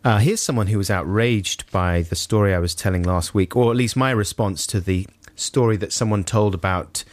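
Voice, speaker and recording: A man's voice: on the low side, moderate pace. A man co-hosting a radio show, chatting in an amused way and trailing off mid-thought. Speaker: radio co-host. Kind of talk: casual radio chat. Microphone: studio mic.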